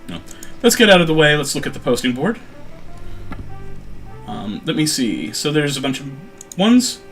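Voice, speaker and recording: A man giving loose, joking commentary while playing a retro adventure game, full of "um"s and quick asides. His pitch moves around a lot as he talks, and soft music plays faintly underneath. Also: lively intonation. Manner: reads on-screen text aloud and adds quick joking asides, with many fillers. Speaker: let's-play host.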